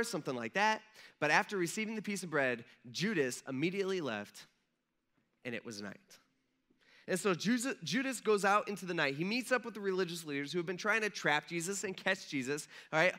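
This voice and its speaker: A man's voice: fairly high pitch, sharp tone. A young adult male pastor preaching a casual, storytelling sermon, acting out the voices of people in the story.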